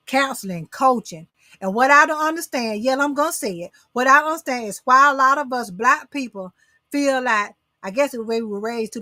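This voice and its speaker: A woman's voice: a little high, pushed and bright, dry recording, studio quality. A middle-aged woman hosting a casual motivational talk show, coaxing and preaching to her viewers. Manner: preachy, coaxing, addresses audience as y'all.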